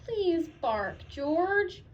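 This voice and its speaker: A woman's voice: extremely high pitch, sing-song, drawn-out words, lo-fi sound, a little hiss or hum, full character voice. A woman voicing a determined, businesslike male vet in a storybook read-aloud.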